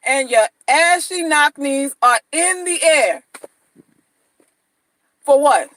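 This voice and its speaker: A woman's voice: sits high, a bit bright, rough recording. A woman dating-advice vlogger talking casually and bluntly to viewers, slangy, mocking and repetitive.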